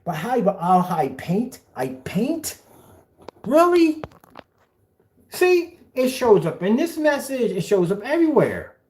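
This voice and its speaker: A taunting man delivers a callout rant. His pitch swings up and down as he mocks, and he throws the other person's phrases back with scornful sarcasm. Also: sing-song, measured pace, hardly any pauses, mellow. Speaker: video blogger. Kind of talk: ranting callout video.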